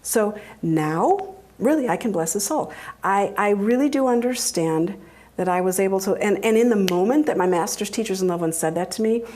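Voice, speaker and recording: A middle-aged woman giving a talk, telling personal stories in a lively way and laughing often. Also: moderate pace. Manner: animated, acts out quoted voices with big pitch jumps.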